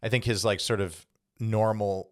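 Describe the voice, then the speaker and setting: Man, low voice, dry close sound, casual podcast co-host, rambling. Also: fairly even intonation, moderate pace, no room sound. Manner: rambling, self-correcting explanations. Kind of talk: casual chat.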